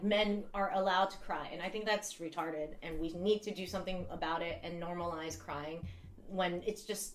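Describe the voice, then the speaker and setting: A woman's voice: medium pitch, slight background noise. A young woman vlogger chatting casually to her viewers, candid and rambling, swearing freely and laughing as she talks. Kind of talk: casual chat to camera. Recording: echoey room.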